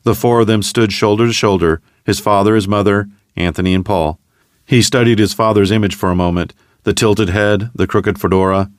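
A man narrating a dramatic story in a steady, measured way. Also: lowish voice, dry recording, clean studio sound. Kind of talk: scripted narration.

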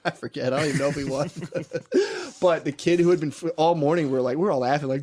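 A man's voice: on the high side, big pitch swings, fast talker, darkish tone, slight background noise. A young man telling a wild story in casual, profane chat, laughing often.

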